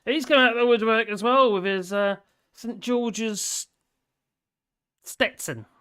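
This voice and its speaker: A man's voice: high-pitched, slow, pushed and bright, clear, resonant tone. A man hosting a live stream, chatting casually with a rambling, chuckling, sarcastic manner.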